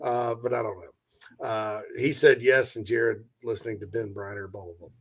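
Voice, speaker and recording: A man's voice: lowish voice, steady tone, moderate pace, husky. A man from South Carolina hosting a casual sports talk show, joking and reading out audience comments. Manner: joking, chatty, reads out audience questions.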